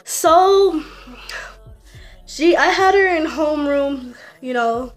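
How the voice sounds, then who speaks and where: Chatty girl vlogger rambling thru a story, lots of "like", bit high voice. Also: expressive, slow. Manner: rambling, full of "like" and restarts. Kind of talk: casual storytelling. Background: faint music.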